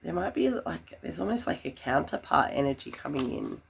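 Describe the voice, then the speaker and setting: A woman giving a tarot reading, gushing and full of fillers, breaking into excited laughter. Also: low-pitched, normal speed, vocal fry, husky. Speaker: tarot reader.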